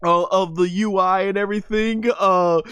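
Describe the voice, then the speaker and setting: An enthusiastic man talks through an anime fight scene by scene and now and then bursts into the characters' shouts. His voice sits high and comes across smooth and resonant. The sound is close and dry, with no room echo. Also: fairly even intonation, normal speed. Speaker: anime commentary host. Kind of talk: excited anime fight breakdown commentary.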